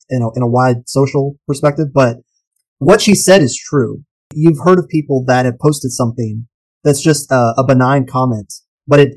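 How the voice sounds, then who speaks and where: A man co-hosting a casual podcast, talking animatedly and posing rhetorical questions with sudden jumps in pitch. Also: darkish tone, low-quality recording. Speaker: podcast co-host.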